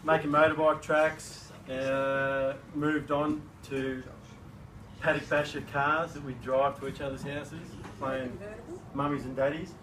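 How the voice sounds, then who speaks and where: A man's voice: a little high, flat delivery, a little slow. A young man recalling childhood days with a friend in a casual party speech, laughing at his own jokes. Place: party in a shed. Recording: far from the mic, crowd noise.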